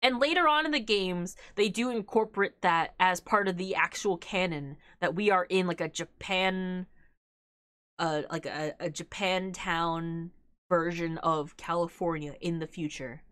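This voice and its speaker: A woman's voice: lowish voice, a little slow, a bit bright, no room sound. A young woman streaming a game, chatting casually with viewers, laughing often between filler-heavy remarks. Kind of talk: casual live-stream chat while gaming.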